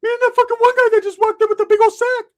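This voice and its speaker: A shrill, frantic male buddy. The voice jumps way up in pitch and volume, breathless and excitable. It plays as an exaggerated stand-up character bit. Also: racing.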